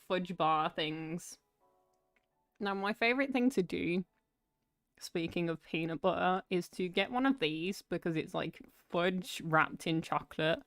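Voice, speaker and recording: A woman's voice: fairly low pitch, no echo. A young woman chatting casually during an art livestream, chatty and self-mocking. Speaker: art streamer. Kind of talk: casual chat while drawing on a livestream.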